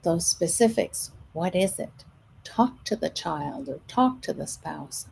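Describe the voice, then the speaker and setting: A middle-aged woman coaching her listeners in a slow, unhurried way, her voice low, gravelly and mellow. She speaks gently and now and then sinks almost to a whisper. A faint hiss sits behind her. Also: lively intonation, low-quality recording. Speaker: stress management coach. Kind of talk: live show monologue.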